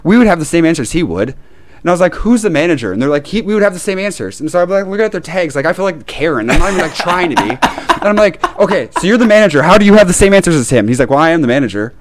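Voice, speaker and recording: A man with a Midwestern American accent, telling a long story as a podcast co-host in a casual chat, animated and full of swearing and laughs. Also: fairly high pitch, fast talker, slight background noise. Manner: animated, profane ranting with frequent laughs.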